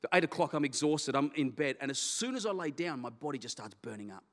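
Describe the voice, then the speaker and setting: A middle-aged man, a pastor, telling a candid personal story in a sermon with an animated, self-deprecating manner. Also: mid-range voice, fast talker. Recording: long hall reverb.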